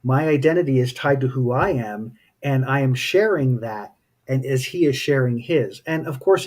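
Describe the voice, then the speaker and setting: A man's voice: medium pitch, moderate pace, darkish tone. A man speaking as a spiritual teacher in casual, reflective talk, telling personal stories in a thoughtful way. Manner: thoughtful, anecdotal storytelling.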